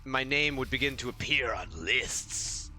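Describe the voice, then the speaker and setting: Animated and unhurried, this man speaks at medium pitch with a sharp tone, and there's a little hiss or hum. He's streaming a game, filling the gaps with casual, rambling, jokey stories and acted-out quips.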